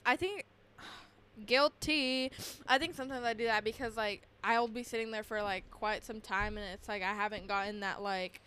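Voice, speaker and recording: A young woman co-hosting a podcast in casual chat, relaxed and chatty. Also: on the high side, normal speed, smooth. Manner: laid-back, chatty, laughs along. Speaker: podcast co-host.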